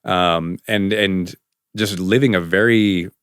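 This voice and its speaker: A man with a very low, deep voice hosts a podcast interview. He speaks earnestly and with emphasis. The recording is dry and close on a studio mic. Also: fairly even intonation, takes it slowly, fairly bright tone, clean tone, no room sound. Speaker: podcast host.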